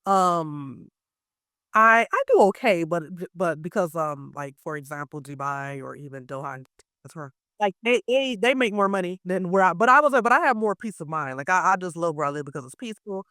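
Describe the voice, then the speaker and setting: An American woman, a teacher living abroad, chatting casually as an interview guest. She tells animated stories, leans heavily on "like" and acts out what others said. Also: on the low side, brisk, dry recording, studio quality. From United States. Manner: animated storyteller, heavy use of "like", acts out quotes.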